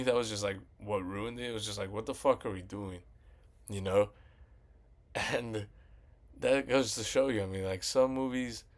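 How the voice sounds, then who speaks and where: A man casually ranting about a movie sequel, rambling and swearing as he retells scenes. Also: lowish voice. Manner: profane, rambling, retells scenes with quoted voices. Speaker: movie commentary vlogger.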